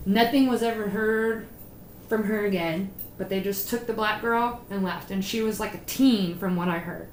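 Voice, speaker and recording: A woman's voice: mid-range voice, moderate pace. Chatty woman in a roomy space. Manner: chatty, animated storyteller with fillers. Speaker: podcast co-host. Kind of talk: casual history chat. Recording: roomy with faint noise.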